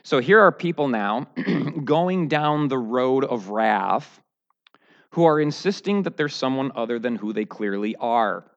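A man preaching a verse-by-verse sermon, mid-pitched and a little muffled on a lo-fi recording. He sinks into low, hushed musing, then climbs into loud, high, mocking outbursts. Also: animated, a little slow.

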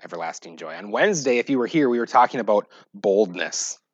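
A pastor preaching a sermon, moving between loud, emphatic scripture reading and quiet, joking asides. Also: male voice, on the low side, lively intonation, a little fast, slightly rough, dry recording, dull audio. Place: church.

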